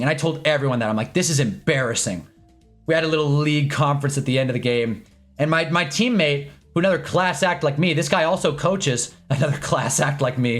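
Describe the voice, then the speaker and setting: A young man streamer telling an exasperated, animated story in a casual rant, swearing as he goes. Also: a little high. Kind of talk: casual ranting livestream.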